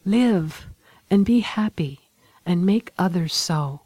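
A woman's voice: fairly low pitch, moderate pace, dry recording. A woman voicing a humble, resigned young woman condemned to die, speaking tenderly and gratefully in an audiobook. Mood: gentle, resigned. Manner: tender, pleading, softly grateful.

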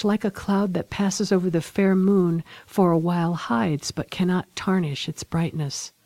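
Audiobook narrator, woman, solemn and dramatic, dark warm tone. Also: sits low, no room sound. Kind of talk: scripted narration of a classic novel.

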